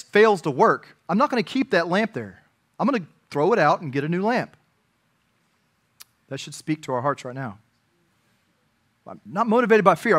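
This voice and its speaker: Pastor, male, fairly high voice; earnest sermon delivery that swells to emphatic peaks and sinks to soft asides. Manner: earnest preaching, rising to emphatic peaks and dropping to quiet asides.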